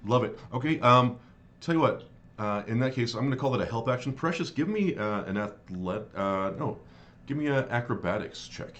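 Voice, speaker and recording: A man narrating as game master of a tabletop role-playing game, pausing often with fillers and restarts. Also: medium pitch, animated, a bit bright. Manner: halting, many fillers and restarts.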